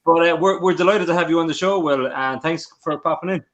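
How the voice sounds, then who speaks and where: A man's voice: on the high side, fairly quick, lo-fi sound. A man co-hosting a podcast, chatting eagerly and joking with the guest. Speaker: podcast co-host. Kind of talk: casual interview chat.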